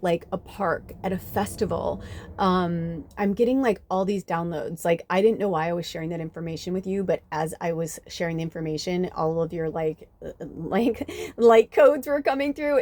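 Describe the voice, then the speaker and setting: A woman's voice: mid-range voice, normal speed, dark tone, slight background noise. A woman hosting a spiritual reading channel, telling a story in a loose, chatty way with lots of fillers and casual swearing. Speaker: spiritual reader, channel host.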